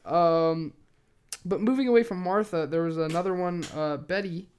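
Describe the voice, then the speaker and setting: Young woman co-host, lowish voice, profane, rambling chat, quick to laugh. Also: a little mellow, smooth. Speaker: podcast co-host. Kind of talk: casual true-crime chat.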